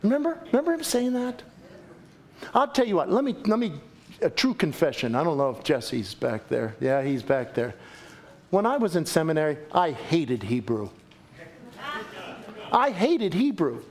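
Animated high-voiced male pastor preaching. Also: normal speed. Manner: animated, jokey, acts out quotes with big pitch swings. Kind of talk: sermon. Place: church sanctuary.

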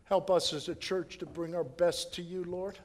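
A man preaching a sermon as pastor, swinging from loud emphatic preaching to hushed prayer in a church sanctuary. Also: high voice, fairly even intonation, moderate pace, big-room sound.

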